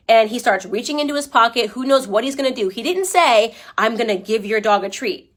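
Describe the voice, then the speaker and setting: A woman's voice: on the high side, a bit bright. A woman giving opinion commentary to a livestream audience. She talks emphatically and argumentatively, ends her points with "okay?" and keeps asking her viewers pointed rhetorical questions. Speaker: political commentator.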